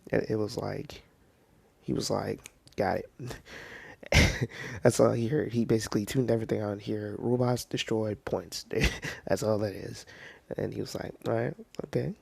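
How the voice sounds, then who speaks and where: A man casually telling a fan story off the cuff, rambling with lots of fillers, dropping into soft whispers now and then. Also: fairly low pitch, flat delivery, normal speed, gravelly, pauses often, breathy edge, no room sound.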